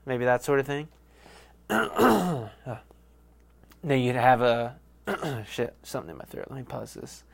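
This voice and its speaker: A man's voice: mid-range voice, animated, slow, creaky, pauses often. A young man hosting a sports podcast, rambling in a casual, profane and self-mocking way. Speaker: podcast host.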